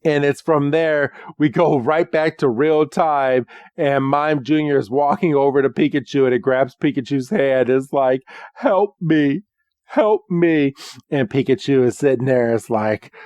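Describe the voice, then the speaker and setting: A man co-hosting a podcast, giving a casual, animated recap and laughing often. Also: medium pitch, normal speed, hardly any pauses, dry recording. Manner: animated retelling with frequent laughter. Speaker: podcast co-host.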